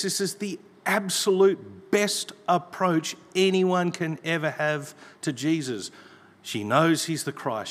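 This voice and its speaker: A man preaches in a lively, swooping voice, leaning hard on the scripture he reads out. His voice sits a little high for a man, and it carries with a long reverb through a church hall. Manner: expressive preaching, reading scripture aloud with emphasis. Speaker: pastor. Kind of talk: sermon.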